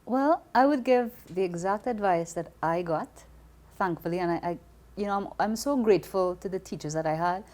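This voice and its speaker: A woman from Trinidad and Tobago, with a Trinidadian accent, speaks as an interview guest in an expressive, conversational manner. Her mid-range voice moves briskly, and she often repeats words as she starts a thought.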